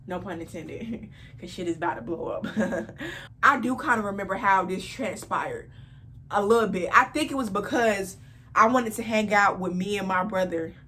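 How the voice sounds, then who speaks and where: Young woman vlogger, casual storytime, animated, repeats lines for emphasis, mid-pitched voice. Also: normal speed. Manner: animated, repeats phrases for emphasis, breaks into laughter.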